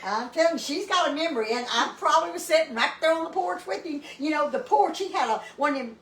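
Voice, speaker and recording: A high-voiced woman from chats casually and agreeably, often chiming in with short affirmations. She sounds distant from the mic in an echoey room. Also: expressive, quick pace. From East Texas. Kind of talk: casual chat.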